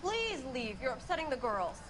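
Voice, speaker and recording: A furious wife in a video game, her voice very high and clipped as she accuses and dismisses her husband. Steady background noise sits behind the dialogue. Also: moderate pace. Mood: bitter, upset. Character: angry wife turning away her unfaithful husband. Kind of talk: game cutscene acting.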